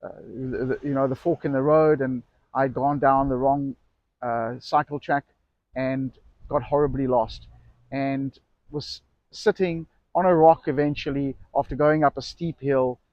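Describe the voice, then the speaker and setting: A man's voice: medium pitch, steady tone, measured pace, dry recording, highs cut off. A middle-aged man who runs an e-bike shop, telling a personal story casually to camera, rambling and correcting himself as he goes. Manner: rambling, self-correcting anecdote with acted quotes.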